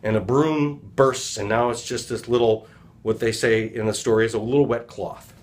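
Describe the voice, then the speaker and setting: A man's voice: medium pitch, fairly even intonation, normal speed. A man, a healing practitioner, retelling a children's story in a casual, rambling, reflective talk.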